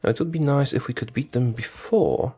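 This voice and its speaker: A man's voice: medium pitch, brisk, mellow, breathy edge, soft background music. A man giving casual commentary on his strategy game, thinking aloud, talking to his units and correcting himself as he goes.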